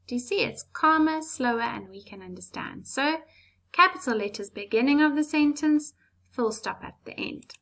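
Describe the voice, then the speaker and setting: A woman teaching an English lesson to young children, slow, clear and patient with playful asides. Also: sits high, lively intonation, pushed and bright. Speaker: primary school teacher.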